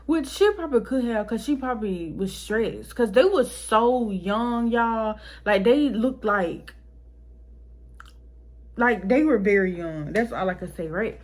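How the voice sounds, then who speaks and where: A young woman vlogger telling a personal story to her viewers in a casual, animated and emotional way, speaking straight to them and swearing freely. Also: a little high, unhurried.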